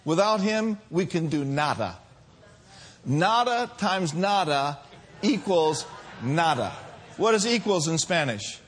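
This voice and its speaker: A man preaching a sermon as pastor, swinging from soft, drawn-out lines to loud, shouted calls. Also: fairly high pitch, animated, husky.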